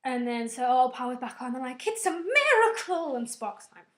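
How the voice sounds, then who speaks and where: A woman giving a rambling, excitable spoken film review, full of "like" asides. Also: a little high, fairly quick. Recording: echoey room.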